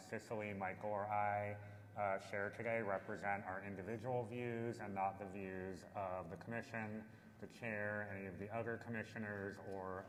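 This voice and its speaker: A man with a somewhat low voice gives his opening remarks on a conference panel. He sounds earnest and gracious, with small uh fillers. The long reverb of a large hall surrounds him, with faint noise underneath. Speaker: panelist, agency official.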